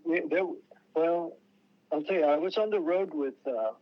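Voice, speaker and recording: A man's voice: fairly high pitch, moderate pace. An older man, a musician guest, telling stories casually in a rambling way, often restarting his sentences and acting out quotes. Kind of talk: casual storytelling interview. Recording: muffled lo-fi radio sound.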